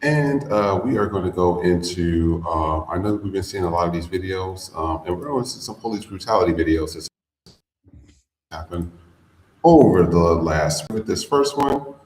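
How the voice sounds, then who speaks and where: A man's voice: low-pitched, animated, moderate pace, a little mellow, echoey room, low-quality recording. Blunt, profane man hosting a podcast. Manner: blunt and profane, drawling with fillers. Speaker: podcast host. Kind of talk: casual commentary.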